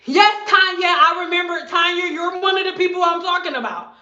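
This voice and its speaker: Sassy, bright-voiced woman in her thirties. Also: very high voice, fairly quick, echoey room, dull audio. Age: 30s. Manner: sassy, blunt, acts out client exchanges. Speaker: hairstylist vlogger. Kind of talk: casual vlog rant. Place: bathroom at home.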